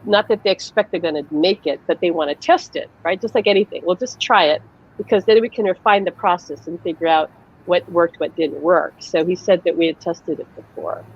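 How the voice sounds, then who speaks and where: A woman's voice: lowish voice, a little fast, lo-fi sound, a little hiss or hum. A woman psychic medium hosting a casual live-stream conversation, telling stories animatedly and laughing often. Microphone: video call.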